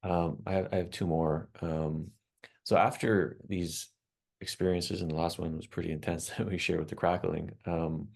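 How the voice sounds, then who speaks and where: A man's voice: deep voice, little pitch movement, normal speed, vocal fry, darkish tone. A male host who moderates a discussion in a hesitant way, with many fillers.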